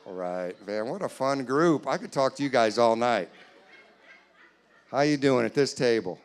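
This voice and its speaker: A man doing comedy crowd work in a church hall, teasing audience members in quick banter. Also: medium pitch, expressive, clean tone. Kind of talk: live stand-up crowd work.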